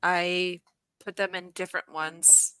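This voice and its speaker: A woman's voice: fairly low pitch, little pitch movement, slow, pushed and bright, clear, resonant tone, no echo. A woman co-hosting a casual drinking chat, chatty and teasing in a matter-of-fact way.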